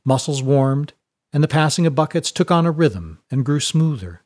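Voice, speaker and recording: A man reading a serialized adventure story as its narrator, in a steady, measured way. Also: fairly high pitch.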